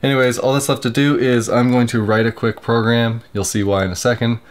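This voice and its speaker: A maker YouTuber casually reads a list of names in his workshop vlog, tripping over pronunciations and tossing in self-deprecating asides. His voice sits at medium pitch with a flat delivery and a slightly fast pace.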